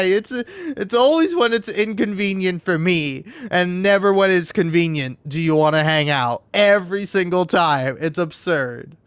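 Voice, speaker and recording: Chatty gamer dude talking over his game at home, kinda high smooth voice, swears a lot. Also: animated, unhurried, fairly bright tone, no room sound. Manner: rambling, swears, laughs often. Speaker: let's play host. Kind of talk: casual gaming commentary.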